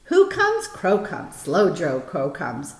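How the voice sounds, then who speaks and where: A woman's voice: lowish voice, wildly swooping pitch, slow, heavily acted. A woman reading the part of a playful male fox in a storybook, in a bouncy, teasing sing-song. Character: playful male fox showing off tongue twisters. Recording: roomy echo.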